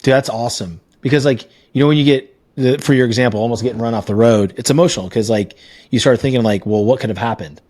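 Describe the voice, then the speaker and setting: A man hosting a podcast, telling personal stories and asking questions in a relaxed, candid way. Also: medium pitch, fast talker, dry recording. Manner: storytelling, relaxed and candid, with casual swearing. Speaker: podcast host. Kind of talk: casual interview chat.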